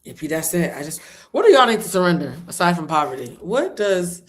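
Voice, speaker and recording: A woman giving a casual livestream tarot reading. She talks loudly and animatedly, swears freely and breaks into snatches of song. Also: on the low side, big pitch swings, brisk. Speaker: tarot reader.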